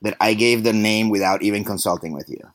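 Low-voiced joking male podcast host. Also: quick pace, dry recording. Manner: rambling, joking. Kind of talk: casual chat.

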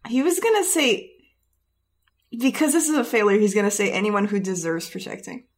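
A woman playing a tabletop role-playing game, thinking her answers out loud and laughing easily. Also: mid-range voice, big pitch swings, a little fast. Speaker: player. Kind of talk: casual tabletop game play.

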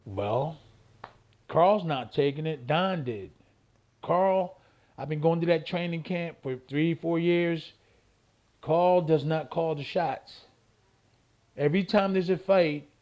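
A man's voice: fairly high pitch, highs cut off. A man, an interviewee, telling a long story and acting out phone calls, repeating himself. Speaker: interviewee, former boxing champion.

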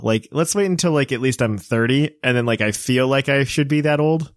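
Fairly quick and seldom pausing, a man in his late twenties with a mid-range voice rambles through a casual co-hosted chat. He's heavy on fillers and self-mocking, recorded in studio quality without echo.

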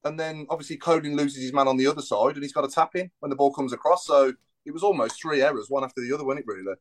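A man with a mid-range voice talks rapid-fire as a podcast co-host chatting casually about football. He rambles and uses lots of fillers.

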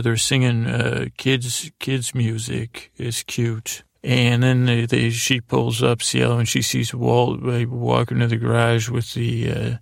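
Clean studio sound with no room echo captures a man's medium-pitched, creaky voice as he hosts a podcast. He drifts through a drowsy account of a TV episode, fixing his own wording often and paraphrasing the characters loosely.

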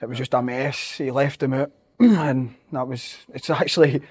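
A man's voice: medium pitch, moderate pace, a little mellow, slightly rough. Scottish man swearing through laughing anecdotes. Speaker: footballer guest. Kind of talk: casual chat, storytelling.

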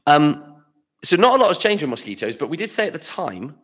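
A man's voice: on the high side, sing-song, fairly quick, fairly bright tone, husky, lo-fi sound. A British-accented man co-hosting a podcast, chatting with enthusiasm and loose, easygoing phrasing. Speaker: podcast co-host. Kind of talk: casual chat.

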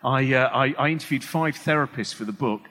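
A man's voice: medium pitch, fairly quick, sharp tone, big-room sound. A male English comedian talking to a live audience on stage, rambling and self-deprecating with many restarts. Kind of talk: stand-up style talk to a live audience.

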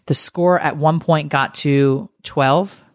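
A woman's voice: sits low, steady tone, slow pace, no echo, clean studio sound. A middle-aged woman co-hosting a podcast, ranting in a heated, swearing casual chat. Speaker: podcast co-host.

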